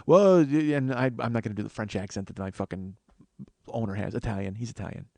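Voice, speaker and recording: A man's voice: fairly low pitch, fast talker, creaky, a little mellow, dry recording. A man hosting a podcast, telling rambling, profane comic stories in a casual monologue. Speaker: podcast host.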